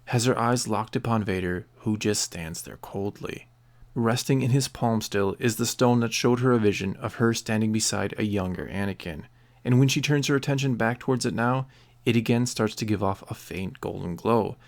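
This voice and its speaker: A man narrating a story aloud in a steady, descriptive way. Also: fairly low pitch, gravelly.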